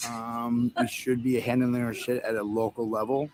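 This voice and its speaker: A man's voice: mid-range voice, level tone, normal speed, a little mellow, a little hiss or hum. A man hosting a livestream in a casual, rambling, profane way, telling stories and laughing at his own jokes. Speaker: livestream host. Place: outdoor event setup with a tent.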